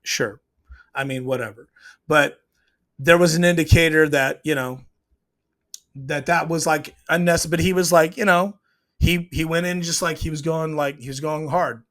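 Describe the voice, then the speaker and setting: A man's voice: a little high, moderate pace, fairly bright tone. A man giving a casual, opinionated breakdown of a TV scene, retelling it and acting out the lines as he goes. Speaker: TV show reviewer.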